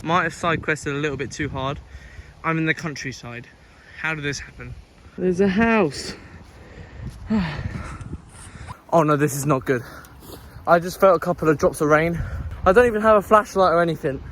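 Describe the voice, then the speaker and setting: A man's voice: a little high, normal speed, long pauses, a bit bright. A young man vlogging on a handheld phone while walking outdoors at night, chatting in a jokey, self-mocking, nervous way. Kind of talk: walking vlog talking to camera. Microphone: handheld phone camera. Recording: background music over outdoor phone audio.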